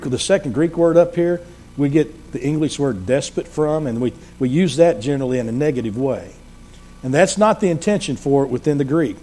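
A man preaching a sermon, explaining scripture verse by verse and landing his points emphatically, often trailing off quietly at the end of a phrase. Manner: emphatic, drops to quiet low endings.

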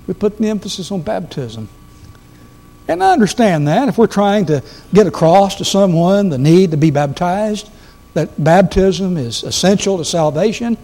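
A guest preacher with a high, dark-toned voice delivers a sermon to a congregation in a church sanctuary. He reads scripture with strong emphasis.

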